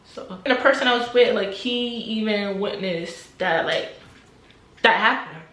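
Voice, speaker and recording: A young adult woman telling a personal story to camera in a casual, animated way, repeating phrases and sometimes dropping to a near-whisper. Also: medium pitch, measured pace, roomy sound. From New Jersey, USA. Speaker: vlogger.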